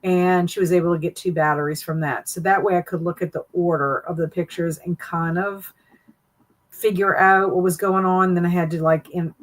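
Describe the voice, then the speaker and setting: A woman's voice: lowish voice, fairly even intonation, moderate pace, poor audio. A middle-aged woman with a Southern US accent, chatting casually and greeting viewers by name on a live stream. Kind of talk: casual live stream chat, reading chat comments aloud.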